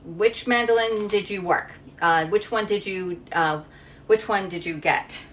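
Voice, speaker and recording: Her mid-range voice comes at an unhurried pace over slight background noise. She's a middle-aged woman from Pennsylvania hosting a cooking livestream, chatting loosely in her home kitchen and reading viewers' comments aloud as she rambles.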